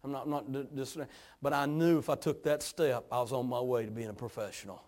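A middle-aged man from East Tennessee with a hillbilly accent, preaching a sermon in a folksy, drawling manner that moves between quiet storytelling and fervent exhortation. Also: medium pitch, fairly even intonation, fairly quick. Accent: East Tennessee Appalachian. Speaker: pastor.

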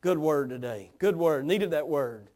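A man's voice: a little high, lively intonation, unhurried, a little mellow, pitched below the performer's own voice. A man preacher voicing a tired male leader who speaks offhandedly and brushes things aside. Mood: offhand. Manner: offhand, dismissive.

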